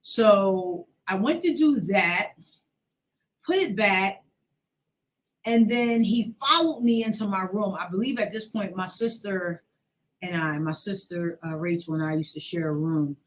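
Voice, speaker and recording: A woman's voice: mid-range voice, unhurried. A woman in her forties, hosting a show, telling a personal story with emotion and acting out the voices in it. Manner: emotional, acts out quoted voices. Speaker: host.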